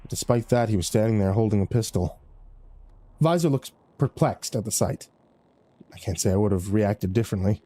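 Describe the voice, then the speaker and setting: A man narrating a first-person horror story in a measured, grim way. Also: lowish voice, dark tone.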